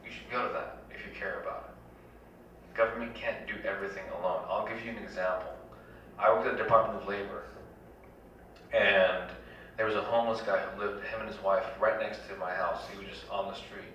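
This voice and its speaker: A man's voice: lowish voice, steady tone, a little fast, a bit bright, a little hiss or hum. A man giving an earnest, rallying town hall campaign speech, stacking repeated phrases, in a community center hall. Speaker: congressional candidate. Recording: echoey hall, dull lo-fi, from far off.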